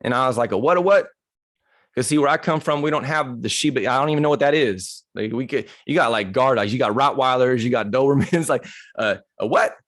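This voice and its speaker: A man with a medium-pitched, fairly bright voice speaks quickly in a dry, studio-quality recording. He's a motivational speaker telling personal stories in a casual, candid, humorous way, acting out the dialogue as he goes.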